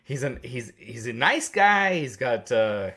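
A man on a casual wrestling podcast, giving blunt opinions with swearing and halting restarts. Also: medium pitch, very animated, sharp tone. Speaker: podcast co-host.

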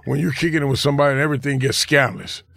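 A man's voice: mid-range voice, racing, vocal fry, a bit bright, no echo. A man hosting a podcast, telling a story in a loose, profane, slangy casual chat in a studio.

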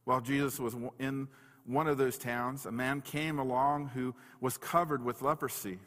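A man's voice: medium pitch, steady tone, moderate pace, fairly bright tone. A man preaching a sermon, reading scripture aloud and explaining it in an earnest, emphatic way, often repeating key words. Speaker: pastor. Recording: long hall reverb.

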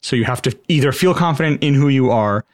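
A man's voice: medium pitch, quick pace, no room sound, studio quality. A man co-hosting a podcast, chatting casually and thoughtfully, swearing freely as he brainstorms a movie plot. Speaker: podcast co-host. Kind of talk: casual chat.

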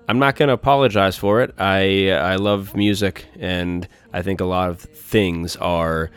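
A man hosting a solo music podcast, talking enthusiastically and in superlatives. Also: on the low side. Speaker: podcast host.

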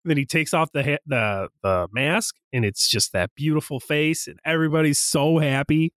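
Animated young man recapping a movie. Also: on the high side, normal speed, no room sound, clean studio sound. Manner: animated, acts out quoted lines. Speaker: podcast co-host. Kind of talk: casual movie recap chat.

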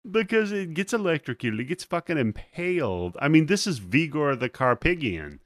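A man's voice: on the high side, very animated, moderate pace, no echo, clean studio sound. A man hosting a podcast, casually recapping a movie scene by scene with lots of swearing and laughter. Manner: profane, laughing, play-by-play retelling. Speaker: podcast host.

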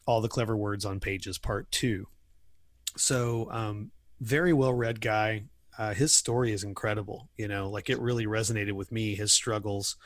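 A man hosting a podcast, chatting casually and haltingly with many fillers. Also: lowish voice, fairly bright tone, no room sound, clean studio sound. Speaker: podcast host.

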